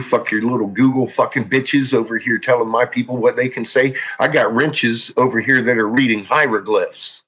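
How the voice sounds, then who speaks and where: This angry monologue comes from a man hosting his own channel, jittery and tense as he hurls profane, threatening outbursts at the camera. He speaks at a moderate pace with few pauses in a lowish, fairly bright voice with a breathy edge, captured in dull lo-fi.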